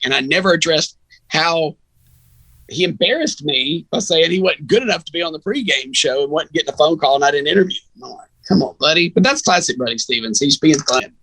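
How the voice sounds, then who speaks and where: A man, a sports radio announcer, telling a long story in an animated, chatty way as a podcast guest. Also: fairly high pitch, no echo, poor audio. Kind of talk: casual storytelling.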